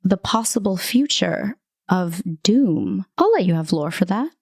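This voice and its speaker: A woman running a tabletop session, narrating scenes and rulings with lively storytelling. Her delivery is full of fillers and quick restarts, and the recording is dry and close. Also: medium pitch, vocal fry, dry recording. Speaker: game master.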